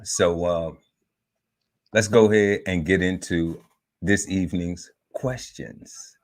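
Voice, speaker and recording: A man with a very low voice opens and steers a live talk show. He talks in a relaxed, informal way, often restarting his sentences. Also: slow pace. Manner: relaxed, repeats and restarts, leads with set segments. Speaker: podcast host. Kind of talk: casual live podcast hosting.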